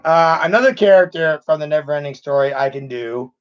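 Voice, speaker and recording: High-voiced man chatting on a livestream. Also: lively intonation, clear, resonant tone, dull audio. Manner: halting, chuckles often. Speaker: channel host on a livestream. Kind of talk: casual livestream chat.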